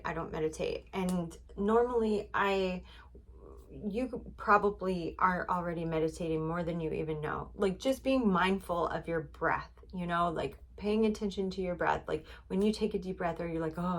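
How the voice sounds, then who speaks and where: A woman hosting a relaxed spiritual reading, speaking at a mid-range pitch. She rambles in a friendly way and leans on fillers as she goes. She repeats her points to encourage the listener. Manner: chatty, rambling, many fillers; encouraging, repetitive. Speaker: spiritual card reader.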